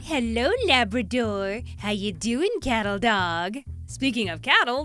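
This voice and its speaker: A young adult woman telling a comedic story in a playful, animated way, swinging her voice up and down as she acts out the people she quotes. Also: mid-range voice. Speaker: storytelling YouTuber.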